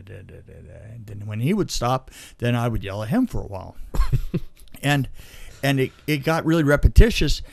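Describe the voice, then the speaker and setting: A man of ordinary pitch tells a rambling personal story, chuckling as he goes and often restarting his sentences. The sound is dry and close, with no room around it. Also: vocal fry, a little mellow, dry recording. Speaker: storyteller guest. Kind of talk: casual anecdote.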